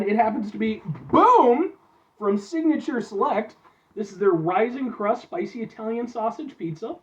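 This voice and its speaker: Seated in a back room at home, a high-pitched man from Illinois, USA, reviews frozen food for his casual vlog. He's excitable and chatty, repeatedly calling his viewers "folks," and the audio sounds dull.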